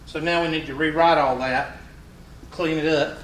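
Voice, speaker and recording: Heard from a distance in an echoey classroom with a little background noise, a math teacher with a Southern accent works through problems and cracks folksy jokes. His voice is a little high and fairly bright, at a moderate pace with fairly even intonation.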